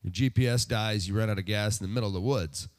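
A man's voice: on the low side, quick pace. A man preaching a sermon in a conversational, self-deprecating way, putting rhetorical questions to the congregation. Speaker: pastor.

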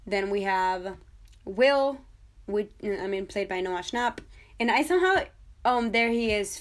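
A young woman hosting a solo podcast, chatting excitedly and casually with frequent fillers. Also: medium pitch. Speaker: podcast host.

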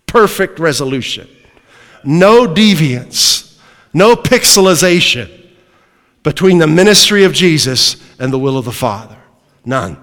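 A man's voice: fairly high pitch, big pitch swings, a little slow, fairly bright tone, long reverb tail. A man preaching a sermon to a congregation, emphatic and throwing rhetorical questions at his listeners.

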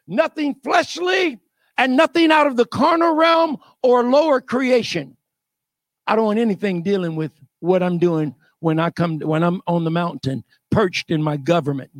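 A man preaching a sermon, telling the story in an animated way with bursts of shouting. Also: very high-pitched, dry recording. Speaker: pastor.

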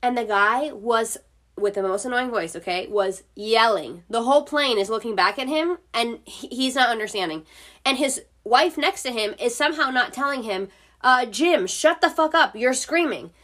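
A woman's voice: on the high side, normal speed, a bit bright. A woman hosting a casual solo podcast from home, telling stories in a chatty way, swearing freely and filling her talk with "like.". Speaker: podcast host.

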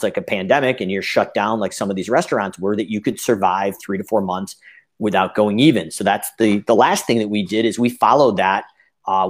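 Rambling male business owner. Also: on the low side. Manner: long-winded, rambling with fillers and restarts. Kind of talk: conversational interview answer.

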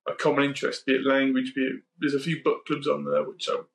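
A man's voice: medium pitch, level tone, quick pace, gravelly, roomy sound. A man hosting a podcast, chatting casually and rambling with frequent ums and self-corrections. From United Kingdom. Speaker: podcast host. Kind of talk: casual conversational podcast chat.

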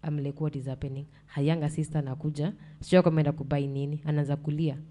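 A woman's voice: deep voice, fairly even intonation, very fast, mellow. A young woman with a Kenyan accent tells a painful personal story in blunt speech that swings between English and Swahili slang, sounding close to tears. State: emotional, near tears. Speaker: podcast guest.

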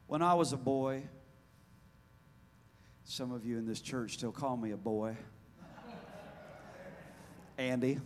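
A man preaching a fiery sermon in a church, swinging between hushed lines and loud shouting. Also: mid-range voice, slow, long pauses, big-room sound. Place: church hall.

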